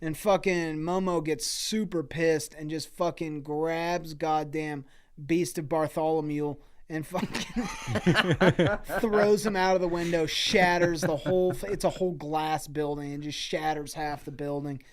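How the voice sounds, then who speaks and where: A young man spins an absurd comic tale with loose, swear-laden slang. His voice sits a little high and sounds smooth and clear as he rambles on. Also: fairly even intonation, unhurried. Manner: laid-back, profane, dude-heavy slang. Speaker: podcast co-host. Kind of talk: improvised comic storytelling.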